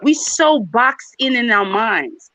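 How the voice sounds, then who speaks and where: A woman's voice: on the high side, big pitch swings, slow, sharp tone, no echo. A woman, talking emphatically and directly to her viewers in a casual chat. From New York. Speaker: channel host. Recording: dry, dull lo-fi sound.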